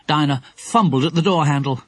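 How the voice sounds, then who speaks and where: A man narrating a children's audiobook in an animated, expressive way. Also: fairly high pitch, brisk, dry recording, clean studio sound.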